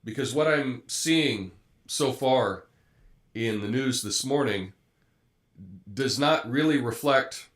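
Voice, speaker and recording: A man's voice: medium pitch, takes it slowly, pauses often, a bit bright. A man hosts a live show, reading headlines and then chatting about them in a loose, conversational way. He often stops to restart a thought, with plenty of fillers. His voice sits in the middle range for a man. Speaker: host. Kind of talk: live commentary monologue.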